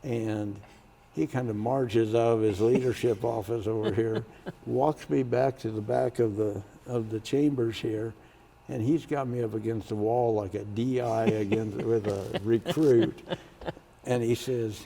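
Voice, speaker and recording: Gravelly older man telling a story. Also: medium pitch, steady tone, measured pace. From Kansas, United States. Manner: storytelling, acts out quoted voices loudly. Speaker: former state senator, interviewee. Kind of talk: oral history interview.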